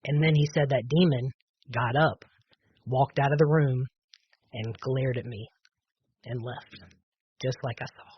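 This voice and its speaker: A man's voice: mid-range voice, fairly even intonation, unhurried, long pauses, slightly rough, highs cut off. A man on a podcast telling a personal testimony, earnest and full of fillers and restarts. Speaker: podcast guest.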